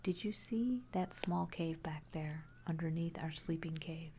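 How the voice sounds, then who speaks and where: A woman's voice: deep voice, measured pace. A woman whispering as a stern jungle guide. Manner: hissed, hushed warning whisper.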